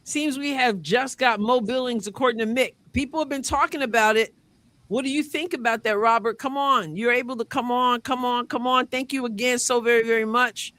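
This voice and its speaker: A woman hosts a live call-in sports stream with a bright, forceful voice. The sound is dry and close, and she talks in a chatty way, repeating words while she reads comments. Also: a little high, fairly quick, dry recording. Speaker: host.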